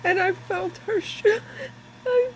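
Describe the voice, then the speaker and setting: A woman's voice: extremely high pitch, slow pace, slight background noise, rough recording. A grieving mother tells of a dream through tears, her voice breaking as she halts and repeats herself. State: crying. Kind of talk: tearful personal account.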